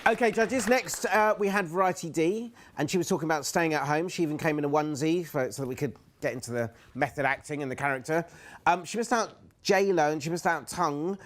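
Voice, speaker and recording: A man hosts a comedy game show with upbeat, playful patter. His voice sits a little high for a man. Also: a little fast, a faint crowd.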